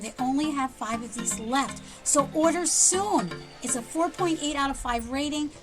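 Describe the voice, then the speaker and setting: A woman presenting shopping deals in a chatty, excitable vlog, her voice jumping up when she hypes a sale. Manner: chatty and excitable, jumps in pitch to hype sales. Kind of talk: enthusiastic product showcase vlog. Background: background music.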